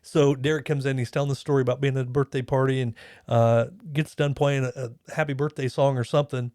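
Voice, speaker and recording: A man's voice: mid-range voice, flat delivery, quick pace, a little mellow, no echo, clean studio sound. Earnest man hosting a casual chat. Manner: earnest, reflective, rambling. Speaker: podcast host.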